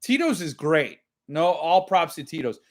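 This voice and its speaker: A man's voice: a little high, sing-song, a little slow. A man hosting a casual live-stream chat with viewers, rambling and self-mocking, laughing often. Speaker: host.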